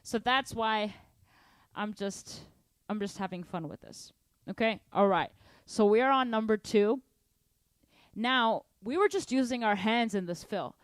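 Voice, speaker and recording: A young woman teaching a drum lesson on a live stream, energetic and chatty, counting and singing rhythms aloud between grooves. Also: medium pitch, unhurried, long pauses, dry recording, studio quality. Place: home drum room. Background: drum kit.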